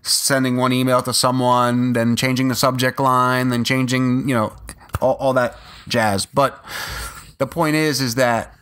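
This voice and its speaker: A man's voice: mid-range voice, little pitch movement, a little slow, a bit bright, clean tone. A young man co-hosting a podcast, talking casually and rambling with lots of fillers and restarts. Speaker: podcast co-host.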